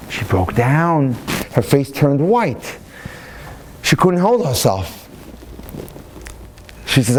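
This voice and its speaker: A man, a rabbi and lecturer, telling a story in a sermon with a dramatic, animated delivery and frequent restarts. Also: mid-range voice, a little slow, pauses often.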